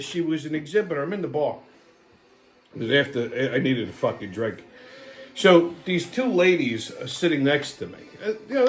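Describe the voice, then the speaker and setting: A man in his seventies hosts his own show, telling stories and ranting about the news with constant swearing. He talks loudly and in an animated way, and his voice sits high for a man. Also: echoey room. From New England. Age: 70s. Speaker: show host. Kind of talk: profane political rant and storytelling.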